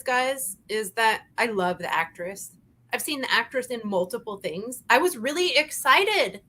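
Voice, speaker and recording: High, bright-voiced woman ranting. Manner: animated, emphatic ranting with frequent repeats. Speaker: channel host. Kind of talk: casual chat review.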